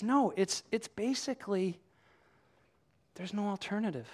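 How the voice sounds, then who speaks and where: A man preaching a sermon to his congregation, animated and conversational, acting out quoted voices as he tells the story. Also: high-pitched, normal speed, long pauses. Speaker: pastor. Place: church room with congregation.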